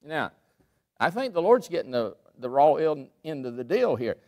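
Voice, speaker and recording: Emphatic pastor preaching a sermon. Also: male voice, fairly high pitch, big pitch swings, normal speed. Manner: emphatic, swinging between loud peaks and quiet asides. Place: church sanctuary.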